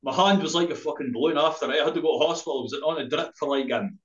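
A man's voice: fairly high pitch, very fast, fairly bright tone. Sweary Scottish man telling a story. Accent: Scottish, Dundee. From Scotland. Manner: rambling, laughing, heavy swearing, tag "eh?". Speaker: spoken word poet guest. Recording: roomy, slightly dull podcast audio.

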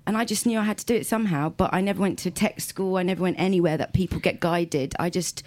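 A low-pitched woman talks about her past as an interview guest. She rambles from one story to the next, laughs often and keeps restarting her sentences. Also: fast talker, a little mellow. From South London, England. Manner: rambling storyteller, frequent laughs, self-corrections. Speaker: guest musician. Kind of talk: casual interview chat.

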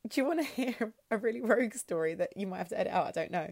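A woman's voice: mid-range voice, lively intonation, very fast, creaky, a little mellow. A woman, co-hosting a podcast and telling frank stories with lots of laughter. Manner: frank, giggly storytelling. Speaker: podcast co-host. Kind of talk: casual chat.

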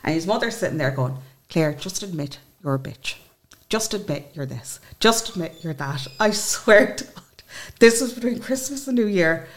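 Irish woman, forties, guest; emotional, lively storyteller with a lowish voice. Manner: emotional, animated, acts out what others said. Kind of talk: personal storytelling in a podcast interview.

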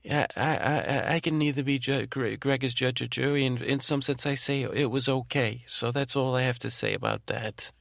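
A man doing Ray, a gravelly rambling softie. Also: medium pitch, steady tone, moderate pace, hardly any pauses, dry recording, clean studio sound. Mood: tender. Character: rambling, tenderhearted adult man named Ray. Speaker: podcast host in character. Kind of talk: rambling bedtime monologue.

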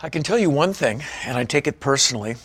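This casual interview guest, a man in his fifties from Washington, D.C., tells stories animatedly and acts out what others said. His medium-pitched voice is animated, fast and fairly bright.

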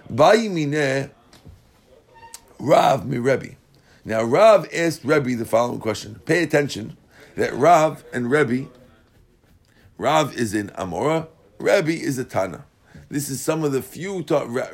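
Animated man teaching a Talmud class. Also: medium pitch. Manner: animated, checks in with listeners; mixes Hebrew and Aramaic terms into English. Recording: class recording.

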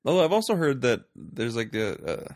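A man's voice: medium pitch, huge pitch swings, normal speed, no echo, studio quality. A man hosting a casual movie podcast, wry and jokey in his commentary. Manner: wry, jokey, slips into mock voices. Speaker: podcast host.

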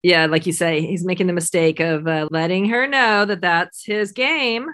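A woman's voice: on the low side, moderate pace, fairly bright tone. A woman co-hosting a casual chat about a TV episode, easygoing and full of fillers. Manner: easygoing, many fillers like "you know" and "like". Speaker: podcast co-host.

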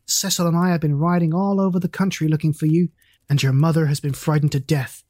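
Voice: medium pitch, flat delivery, fast talker, mellow, no echo, close to an everyday voice. A narrator voicing a stern, scolding father. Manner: clipped, reproachful. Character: stern middle-aged father, brisk and scolding.

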